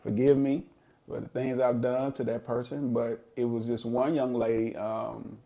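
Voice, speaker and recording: A middle-aged podcast co-host with a gravelly, creaky voice tells a story in casual chat, looking back on his past earnestly and thoughtfully. His pitch is mid-range, his tone warm and level, and he speaks a little slowly.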